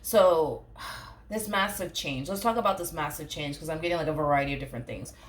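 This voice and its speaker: A woman's voice: low voice, brisk. A woman giving a casual tarot reading to her viewers, chatty and reassuring, repeating herself and filling gaps with "you know what I mean". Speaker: tarot reader.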